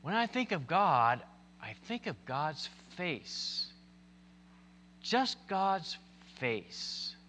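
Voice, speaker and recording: A man's voice: a little high, sing-song, very slow, sharp tone, a little hiss or hum, voice pushed up, heavily acted. A man voicing a young schoolgirl explaining her drawing with firm conviction. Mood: earnest.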